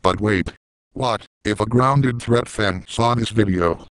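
A man delivering a scripted rant in a flat, measured way. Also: on the low side, no echo, rough recording. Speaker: YouTube ranter.

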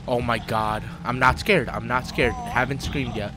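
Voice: medium pitch, fairly even intonation, measured pace, over music. A gaming YouTuber reacting to a horror game, jumpy, with sudden shrieks and constant claims of not being scared.

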